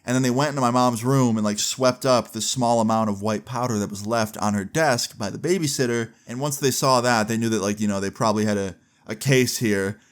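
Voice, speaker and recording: A man's voice: mid-range voice, fairly quick, few pauses, smooth. A young man in a casual storytime vlog, chatty and candid, filling his sentences with "like" and swearing freely. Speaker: vlogger.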